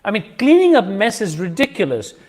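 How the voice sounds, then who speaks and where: Emphatic high-voiced man hosting. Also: huge pitch swings, fairly quick. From Pakistan. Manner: emphatic, insistent. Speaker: host. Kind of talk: video-call discussion.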